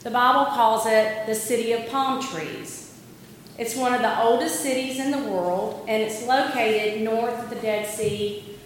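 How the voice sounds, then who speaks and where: A woman preaching a sermon, retelling a story slowly and deliberately with dramatic emphasis. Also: fairly high pitch, steady tone, a little hiss or hum. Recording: echoey hall, long reverb, faint ambience.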